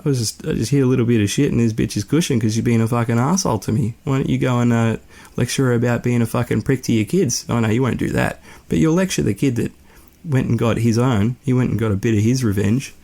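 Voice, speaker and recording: A man's voice: mid-range voice, fast talker, creaky, warm tone. A young Australian man tells a story in a casual, laid-back way, swearing and rambling. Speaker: podcast host.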